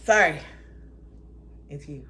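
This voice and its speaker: Animated woman with blunt, profane asides. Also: sits low, takes it slowly. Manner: animated, swinging between loud outbursts and soft whispered asides. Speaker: vlogger. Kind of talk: casual spiritual musing.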